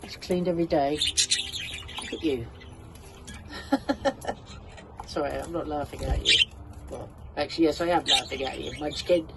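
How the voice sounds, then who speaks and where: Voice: mid-range voice, steady tone, a little slow, creaky, long pauses. A bird keeper chatting casually in a vlog, coaxing the budgies in a fond baby-talk tone. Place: outdoor aviary on a windy day. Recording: loud wind noise outdoors. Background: budgies chirping.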